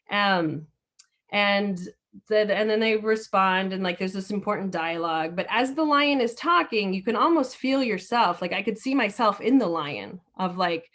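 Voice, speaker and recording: A woman's voice: medium pitch, expressive, moderate pace, a bit bright. Chatty woman leading a video call. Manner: chatty, many fillers and restarts. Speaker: discussion leader. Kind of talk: casual storytelling talk.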